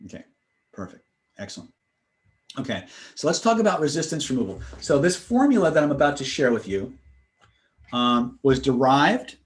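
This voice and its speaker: A man's voice: mid-range voice, big pitch swings, normal speed, long pauses. A man teaching a live online class, explaining with casual asides and checking in with listeners. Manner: explanatory, demonstrates phrases with shifting tone and tempo; conversational, frequent "right?" check-ins. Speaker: instructor.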